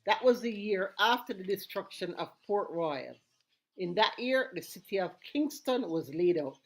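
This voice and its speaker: A woman's voice: mid-range voice, lively intonation, moderate pace. A woman speaking in Jamaican Patois, reciting a rhythmic dub poem in a chanting, playful way. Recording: roomy recording with loud music. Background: music.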